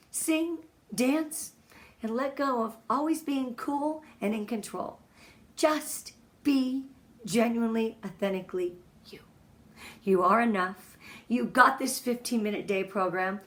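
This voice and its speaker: A woman's voice: a little high, fairly bright tone. Earnest, emotional woman giving a pep talk. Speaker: guest speaker, team trainer. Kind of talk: motivational team training talk.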